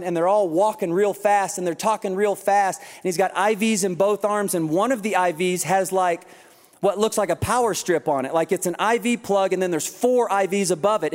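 A man with a high-pitched voice gives a sermon in a conversational, storytelling way. He sounds congested, and the long reverb of a large hall trails after each phrase. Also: darkish tone. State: congested from crying. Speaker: pastor.

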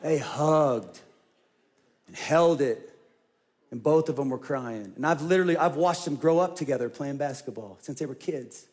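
A male pastor in his forties preaching a sermon, telling a personal story in a lively way that swings from loud to hushed. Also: fairly high pitch, normal speed.

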